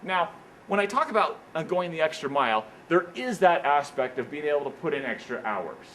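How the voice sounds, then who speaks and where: A man giving a motivational speech at an engineering career event, telling stories in an animated way and often repeating "what happens is, is that", in an indoor meeting room. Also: a little high, brisk, slight background noise, low-quality recording.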